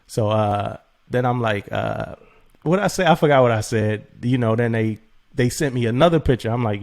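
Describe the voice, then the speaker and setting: Slangy, animated man telling a story. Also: mid-range voice, normal speed. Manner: animated, slangy, laughs often and repeats himself. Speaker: podcast co-host. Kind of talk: casual storytelling chat.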